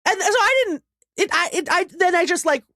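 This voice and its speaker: High-voiced rambling woman co-host. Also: animated, fairly quick, pushed and bright, no room sound, studio quality. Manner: rambling, self-deprecating, laughing. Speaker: podcast co-host, author. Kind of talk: casual chat.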